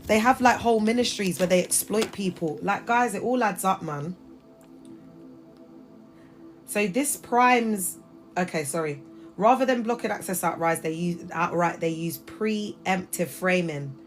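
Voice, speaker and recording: A woman's voice: on the low side, measured pace. Lady in her 30s on a phone live, chatty and emphatic, talks straight to viewers, music in the background. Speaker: livestream host. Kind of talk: casual livestream talk.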